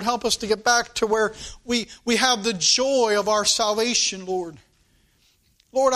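A pastor prays aloud before his congregation in a church sanctuary. His voice sits high for a man, and he keeps circling back with repeated appeals to the Lord. His delivery has the steady, pleading rhythm of a revival pulpit. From United States. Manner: repetitive, calling "Lord" and "dear God" between phrases. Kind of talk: fervent pulpit prayer.

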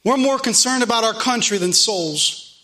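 A man preaching as pastor, loud and animated, repeating his phrases. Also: high-pitched, normal speed. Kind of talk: sermon.

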